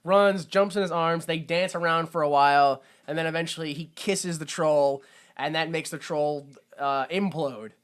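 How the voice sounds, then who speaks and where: A young man co-hosting a casual podcast, animatedly recapping a movie scene by scene and breaking into loud, mock-confused outbursts. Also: fairly high pitch, normal speed, clear, resonant tone. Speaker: podcast co-host.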